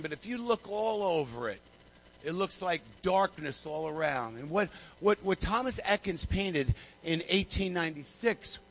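A pastor in a church sanctuary gives a sermon with an altar call, telling stories fervently, repeating phrases, and calling people forward. His voice sits high and a bit bright with a breathy edge, and the audio sounds dull.

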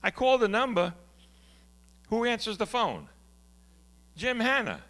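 A man who is a pastor, preaching a conversational, story-driven sermon that swings from loud to hushed. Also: sits high, very animated, unhurried.

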